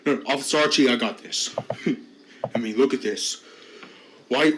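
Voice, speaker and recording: A man voicing a smug male officer and teacher who taunts in a low, slow, mocking drawl. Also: noisy background, lightly acted. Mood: smug, taunting.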